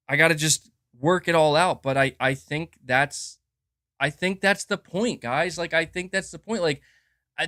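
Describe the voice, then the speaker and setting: A man's voice: on the high side, a bit bright, dry recording, clean studio sound. A man talking casually on a live stream from home into a desk mic, rambling and emphatic and often restarting his sentences. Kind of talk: casual livestream monologue. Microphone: desk mic with adjustable gain.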